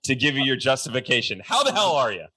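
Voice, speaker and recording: A man hosting a sports podcast, with a bright, forceful voice. He delivers a loud, energetic hype-man introduction and keeps a casual, joking tone. His pitch sits in a middle range for a man. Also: fast talker, breathy edge. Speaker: podcast host. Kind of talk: hyped-up casual interview.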